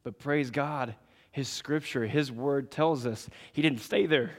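Male preacher, sermon delivery, measured then emphatic, reverberant church hall. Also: medium pitch. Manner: measured preaching that builds to raised emphatic passages. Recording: long reverb of a large hall.

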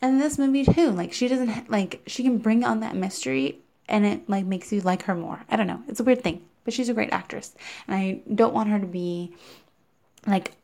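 A young woman talks through a film review on her podcast in a loose, rambling way, full of fillers. Her voice has a gravelly, fry-edged texture at a middle pitch. She sounds casual and unscripted. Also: moderate pace, mellow. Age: young adult. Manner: chatty and rambling, with many fillers. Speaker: podcast host reviewing films. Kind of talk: casual chat.

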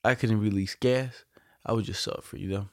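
A man's voice: lowish voice, fairly even intonation, fairly quick, a little mellow, dry recording, studio quality. A man co-hosting a podcast, telling stories in loose, slangy, profane casual chat. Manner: laid-back slangy storytelling, lots of profanity. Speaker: podcast co-host.

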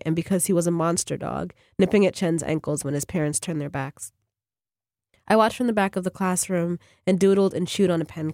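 A woman, a fiction writer, reading her own short story on a radio program in a measured, even way. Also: on the low side, no echo, studio quality.

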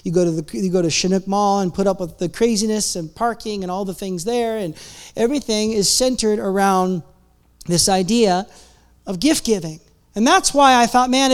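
Male pastor, casual sermon delivery, resonant and smooth. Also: high voice. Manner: casual, chatty preaching with self-interruptions. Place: church.

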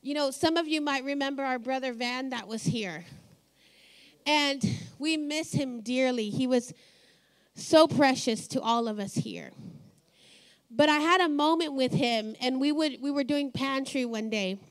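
High-voiced woman preaching a storytelling sermon. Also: measured pace, clear, resonant tone. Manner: warm storytelling, laughs often. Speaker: pastor. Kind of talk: sermon with personal stories.

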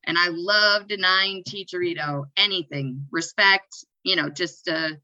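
A woman co-hosting a casual sports podcast, talking slowly in a bright, sharp voice. She is playful and jokey and laughs at her own quips. The sound is dry and dull, with a lo-fi edge. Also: lowish voice, steady tone, no room sound. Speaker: podcast co-host.

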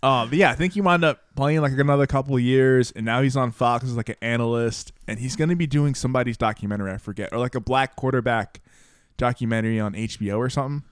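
A man's voice: medium pitch, fast talker, clear, resonant tone, no room sound, clean studio sound. A man hosting a podcast, telling stories in a rambling way, full of "like" and casual swearing.

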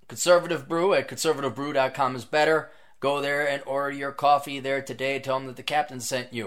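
A man hosting his own podcast in a casual, sarcastic, rambling monologue, reading out plugs and jumping between loud bursts and mutters. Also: mid-range voice. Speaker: podcast host.

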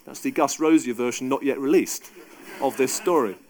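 A man preaching a sermon in an animated, conversational and emphatic way. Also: medium pitch, moderate pace.

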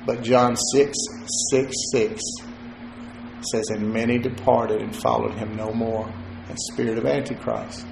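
A male pastor with a mid-range voice, little pitch movement, vocal fry and a slightly slow pace gives a loose, conversational sermon. He jokes now and then and repeats words while thinking. The recording has a roomy echo and some background noise.

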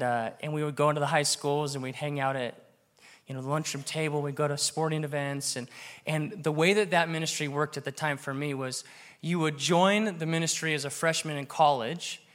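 A man's voice: fairly high pitch, a bit bright. A man in his thirties preaching a sermon, earnest and building to emphatic exhortation. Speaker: pastor.

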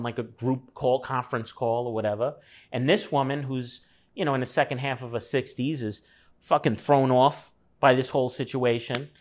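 A man with a mid-range voice tells a personal story in casual conversation, acting out the people he quotes and swearing now and then.

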